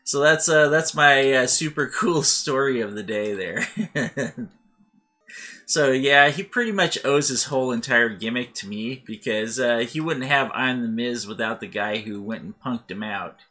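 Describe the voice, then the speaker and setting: A man hosting a let's play, chatting casually over gameplay and laughing often as he tells stories with lively acted-out voices. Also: mid-range voice, unhurried. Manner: animated, acting out voices in his anecdotes.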